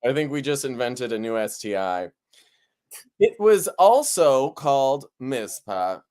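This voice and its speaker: A man's voice: mid-range voice, very animated, measured pace, darkish tone. A man co-hosting a comedy podcast who reads Bible passages aloud and breaks into joking, laughing riffs. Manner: playful, reads scripture then riffs with laughter. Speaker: podcast co-host. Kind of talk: comedic Bible reading and banter.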